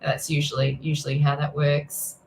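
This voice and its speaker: A woman's voice: sits low, level tone, moderate pace, vocal fry, a little mellow, slight background noise, poor audio. A woman tarot reader and spiritual mentor chatting casually on a livestream, greeting viewers by name and often restarting her sentences.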